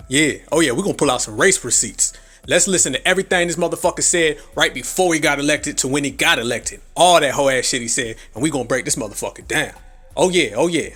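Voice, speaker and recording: A man's voice: medium pitch, a bit bright. A man hosting a live commentary stream, brash and heavily profane, laughing at his own jokes. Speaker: livestream commentary host.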